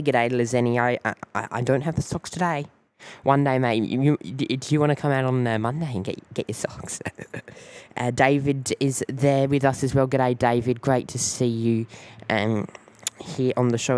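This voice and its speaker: A man's voice: mid-range voice, a little mellow, clean tone. Chatty Australian guy hosting a live stream. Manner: loose, rambling chat that greets viewers one by one. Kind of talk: live plane-spotting commentary.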